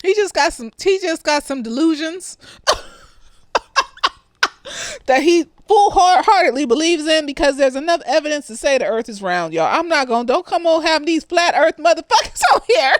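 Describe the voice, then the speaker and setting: In a high, sing-song voice at a moderate pace, a young woman gives a casual, tipsy review of a TV show. She laughs often, swears, and acts out the characters in quoted voices, with no room sound in the recording.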